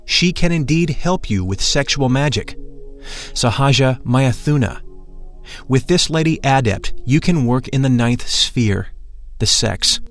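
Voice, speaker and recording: A man voicing a solemn, gentle elderly spiritual master who gives instructions to his disciple. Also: medium pitch, expressive, unhurried, faint music behind. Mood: instructive.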